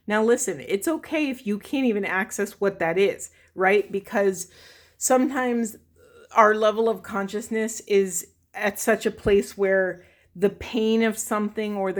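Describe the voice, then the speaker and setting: A tarot reader with a medium-pitched voice walks her viewers through a spiritual reading. She is emotional and frequently corrects herself as she goes.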